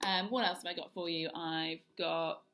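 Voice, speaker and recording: A woman voice coach leading a guided vocal warm-up, talking through each exercise step by step. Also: fairly low pitch, steady tone, moderate pace. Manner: demonstrates yawns, hisses, hums and sirens; instructive, step-by-step.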